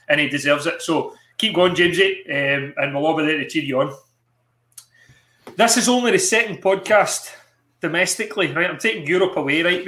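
A man's voice: on the high side, bright, forceful tone, reverberant. A man hosting a casual podcast chat, swearing freely. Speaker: podcast host.

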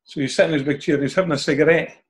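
A man's voice: on the high side, fairly even intonation, rapid-fire, breathy edge. An older man with a Scottish accent, an interview guest telling anecdotes in a chatty way and ending phrases with a questioning "eh?". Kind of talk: anecdotal storytelling.

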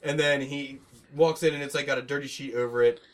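A man casually discussing a movie with friends, agreeable and relaxed. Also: medium pitch, fairly quick, a crowd in the background.

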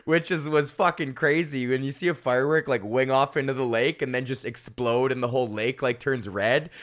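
Male comedian podcaster, casual rant, swears a lot, laughs often, mid pitch. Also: fairly even intonation, brisk, fairly bright tone. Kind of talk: casual profane storytelling rant.

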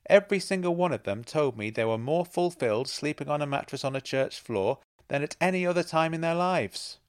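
A man's voice: a little high, animated, a little fast, clean tone, pitched above the performer's own voice, lightly acted. A man voicing a playful, self-assured woman who teases and mocks. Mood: knowing. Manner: teasing, knowing, laughs at others.

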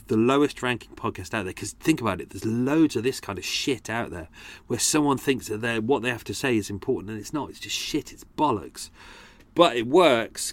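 Sweary podcast host rambling. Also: male voice, mid-range voice, dry recording. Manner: sweary, self-deprecating, chatty. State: strained voice. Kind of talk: casual rambling monologue.

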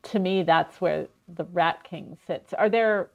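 Gravelly-voiced woman chatting on a podcast. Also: lowish voice, a little slow, highs cut off. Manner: chatty, animated storytelling with many fillers. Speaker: podcast co-host. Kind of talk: casual scholarly chat.

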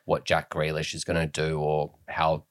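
A young man with a very deep voice, calmly steering a casual podcast. He talks in an easy, unhurried way, and the sound is close and dry. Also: no room sound. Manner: laid-back, steers the talk. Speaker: podcast co-host.

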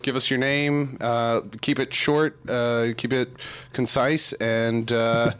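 A man's voice: medium pitch, little pitch movement, takes it slowly, fairly bright tone, clear, resonant tone. A man with a mid-range voice chats on a podcast. His manner is laid-back and dry. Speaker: podcast co-host. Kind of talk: casual chat.

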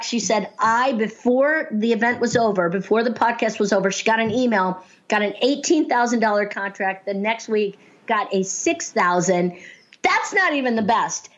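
A woman speaking coach telling stories in casual talk, lively and laughing often as she acts out the voices she quotes. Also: a little high, normal speed. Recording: dull lo-fi sound.

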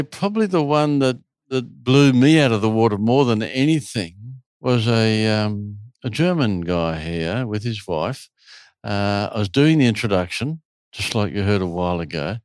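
A man running a retreat, telling stories casually in an interview with a lively, animated delivery. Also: on the low side, normal speed, clear, resonant tone, no echo, clean studio sound.

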